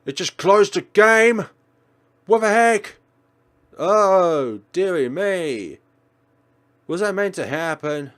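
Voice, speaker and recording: A man's voice: high voice, expressive, slow, long pauses, fairly bright tone. A man hosting a let's play and commenting on a horror game with exclamatory, dramatic reactions. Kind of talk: gameplay commentary.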